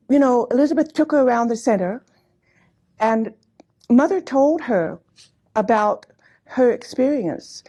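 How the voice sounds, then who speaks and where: This woman has a high, mellow voice and tells family stories to a live audience in a hall. Speaking at a commemorative gathering, she keeps her anecdotes chatty and warm, laughing often and slipping in asides.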